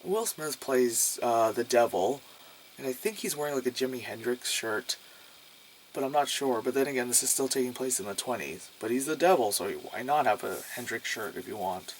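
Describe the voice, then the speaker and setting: A man's voice: medium pitch, lively intonation, normal speed, slight background noise. Rambling, sarcastic man reviewing a movie. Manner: rambling and sarcastic, heavy use of filler "like"; swears freely.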